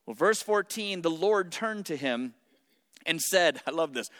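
Animated male pastor in a reverberant church. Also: on the high side, unhurried. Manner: animated and playful, with asides to the congregation. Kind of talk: sermon. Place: church sanctuary.

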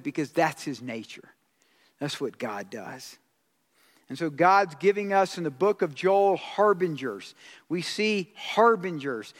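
Impassioned high-voiced male preacher. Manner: impassioned preaching, rising to loud exclamations. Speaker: pastor. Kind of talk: sermon. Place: church sanctuary. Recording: long hall reverb.

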